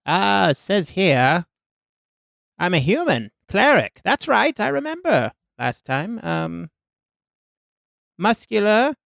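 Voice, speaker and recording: A man chats casually as a player in a tabletop game. His voice sits high and gravelly, swinging widely in pitch, recorded dry and close. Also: very animated, takes it slowly, pauses often, fairly bright tone, no room sound.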